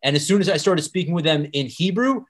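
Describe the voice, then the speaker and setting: A man's voice: on the high side, lively intonation, fast talker. A man hosting a podcast, chatting in a laid-back way and telling his own stories. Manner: laid-back, laughs along and tells stories. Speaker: podcast host. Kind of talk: casual podcast conversation.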